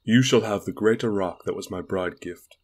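A man reading the part of a resolute, commanding young queen in an audiobook, speaking in measured, solemn declarations. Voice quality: low and husky.

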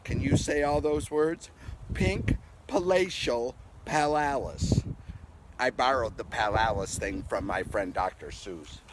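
A man who is a pastor, giving a playful, animated children's message outdoors in his garden at home. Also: on the low side, normal speed, few pauses, noisy background. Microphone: handheld camera.

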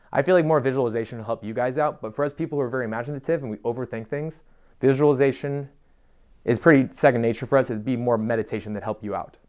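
Fast-talking, profane young man giving advice. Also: mid-range voice, smooth. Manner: fast, animated and profane, talks to camera. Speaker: dating advice vlogger. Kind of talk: casual to-camera advice rant.

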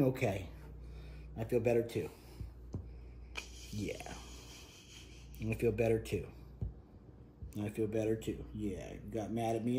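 A man's voice: lowish voice, slow pace, pauses often, dark tone. A man at home, talking to his pet cat in soothing baby talk. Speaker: cat owner. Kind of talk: casual home video chat. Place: home room. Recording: roomy home room with faint noise.

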